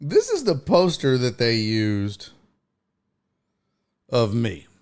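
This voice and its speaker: Male podcast host, comedian, casual storytelling, lively swinging pitch, cursing a lot. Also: slow pace. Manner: animated, profane, exclaiming.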